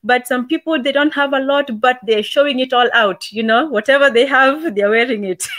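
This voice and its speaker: A woman's voice: high-pitched, a little slow, a bit bright. A woman from Kenya with a Kenyan accent, chatting on a podcast panel, rambling and laughing often. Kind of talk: casual panel chat.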